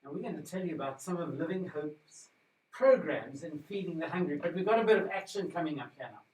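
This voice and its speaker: A man's voice: fairly high pitch, lively intonation, fairly quick, darkish tone. A man, a pastor, talking informally and reflectively to a church congregation. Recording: echoey room from far off.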